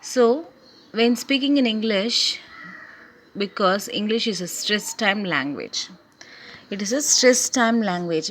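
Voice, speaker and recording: A woman teacher giving a recorded English lesson, speaking deliberately and repeating her key points. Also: medium pitch, slight background noise.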